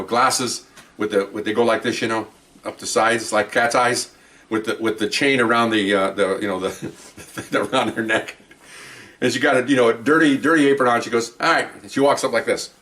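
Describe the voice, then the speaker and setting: A man hosting a podcast, telling a story in a casual, rambling, animated way and laughing as he goes. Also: mid-range voice, a little fast, recorded from a distance. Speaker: podcast host telling cop stories.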